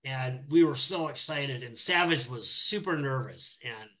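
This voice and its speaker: A man's voice: mid-range voice, expressive, measured pace, sharp tone, poor audio. A middle-aged man, an animator, chatting casually in an interview and telling rambling anecdotes with many restarts. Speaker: animator guest.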